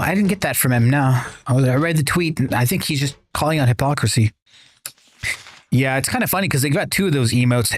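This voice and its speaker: A man's voice: on the high side, dry recording, studio quality. Rambling, swearing male game streamer. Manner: rambling, profane, talks to chat. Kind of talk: casual chat while gaming.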